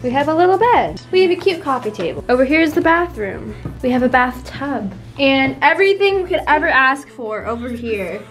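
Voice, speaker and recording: A woman's voice: sits high, sing-song, brisk. A young woman in her twenties hosting a casual travel vlog, playful and teasing, with a music bed under the talk. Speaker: vlog host.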